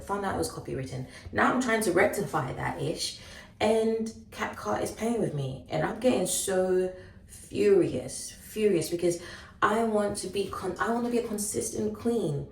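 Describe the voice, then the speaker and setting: Low-voiced woman venting to her phone camera. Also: vocal fry, reverberant, recorded from a distance, a little hiss or hum, rough recording. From Ghana. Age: late 20s. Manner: frustrated venting, chatty and candid. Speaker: vlogger. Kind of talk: casual vlog talk to camera.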